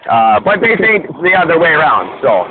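A man's voice: fairly high pitch, very animated, normal speed, breathy edge. A Canadian man co-hosting a podcast, talking in a wry, opinionated, rambling way with lots of fillers. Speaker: podcast co-host. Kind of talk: casual banter. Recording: tinny lo-fi line with faint hiss.

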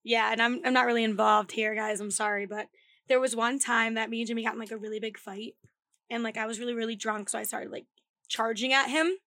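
Young female co-host, bright and fairly high voice, teasing her partner in dry close sound. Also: steady tone, fast talker, no room sound. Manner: laughing, teasing interjections. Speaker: podcast co-host. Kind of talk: casual chat.

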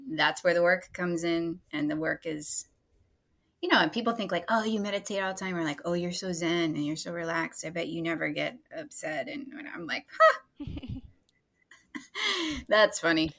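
Woman podcast host, lower register, crisp bright tone, casual and reflective. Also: brisk. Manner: reflective, laughs lightly while making her points. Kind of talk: casual conversational interview.

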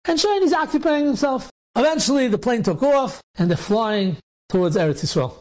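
A rabbi telling a story with animated delivery, acting out the dialogue in different voices and speaking in loose phrasing with restarts. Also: male voice, very high-pitched, brisk. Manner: acts out the dialogue in different voices, sometimes shouting; loose spoken phrasing with restarts and repeated words.

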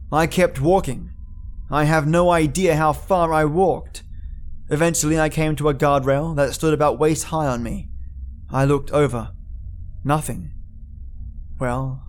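A man narrating a first-person story for a podcast in a steady, deliberate reading voice. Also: medium pitch, slight background noise.

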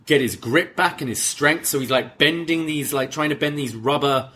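A man's voice: a little high, normal speed, pushed and bright, a little hiss or hum. A man co-hosting a casual wrestling review podcast, retelling scenes and laughing often. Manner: recounts scenes with quoted lines, laughs often. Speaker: podcast co-host.

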